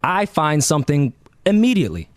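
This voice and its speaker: Fast-talking man, emphatic and profane. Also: on the high side, wildly swooping pitch, no room sound. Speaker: podcast co-host. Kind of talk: casual conversation.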